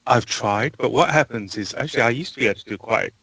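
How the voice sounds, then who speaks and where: Bright-voiced English man, measured. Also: mid-range voice, vocal fry, husky, dry recording, poor audio. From South London, England. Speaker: guest podcaster. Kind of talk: casual podcast chat.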